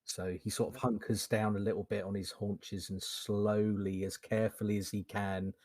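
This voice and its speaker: A man's voice: on the low side, level tone, moderate pace, darkish tone, dry recording. A man casually talking as a player in a tabletop role-playing game, hesitant and often repeating words.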